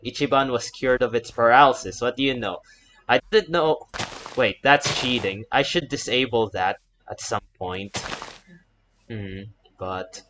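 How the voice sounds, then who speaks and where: A man's voice: medium pitch, a little hiss or hum, poor audio. Chatty gamer man with panicky outbursts. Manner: chatty, breaks into loud panicked shouting; sprinkles Japanese exclamations. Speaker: gaming YouTuber and English teacher. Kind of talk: let's play commentary.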